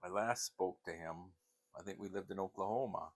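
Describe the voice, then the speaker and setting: A man's voice: low-pitched, normal speed. An older man hosting his channel, telling rambling, meandering stories with frequent restarts and laughter. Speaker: channel host. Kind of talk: casual rambling storytelling.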